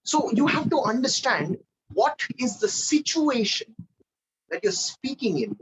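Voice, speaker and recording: A man leading a live online public speaking training, energetic and animated, swinging between loud and soft for emphasis. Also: very high-pitched, unhurried, noisy background.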